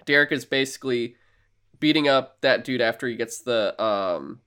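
A man's voice: medium pitch, moderate pace, clean tone. A man co-hosting a podcast, casually retelling a film's story with lots of filler words and playful asides. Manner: animated storyteller, many filler words, acts out quoted lines. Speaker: podcast co-host. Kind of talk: casual chat, retelling a film.

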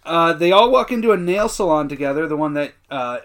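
A man's voice: fairly high pitch, lively intonation, a little fast, a bit bright. A man co-hosting a podcast, retelling episode scenes in loose, profane casual chat full of fillers. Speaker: podcast co-host.

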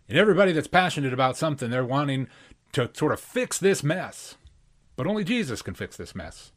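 A man preaching a sermon, animated and acting out voices as he tells stories. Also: mid-range voice.

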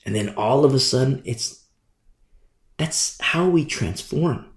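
A middle-aged man preaching a sermon as pastor, animated and repetitive, with many asides. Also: mid-range voice, slow, roomy sound.

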